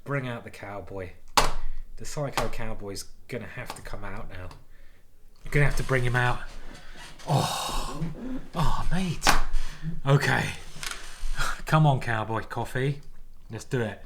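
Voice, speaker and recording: Animated man commenting on his chess. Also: medium pitch, a little slow, heavy background noise. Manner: animated, exclaiming, self-mocking banter. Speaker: chess grandmaster streamer. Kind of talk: live chess commentary while playing.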